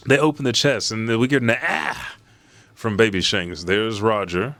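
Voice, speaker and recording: A man hosting a casual reaction, reading a chapter aloud. He swears freely and gets excited. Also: on the low side, normal speed, dry recording. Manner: profane, excitable, reads quoted lines aloud. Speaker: manga reaction host.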